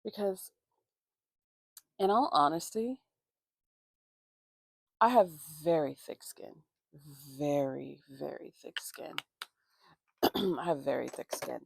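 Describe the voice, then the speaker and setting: Woman vlogger, very fry-heavy low voice, profane heated storyteller, dry phone sound. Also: takes it slowly, pauses often, no room sound. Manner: profane, heated venting with constant fillers. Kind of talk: casual storytime. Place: indoors at home getting ready.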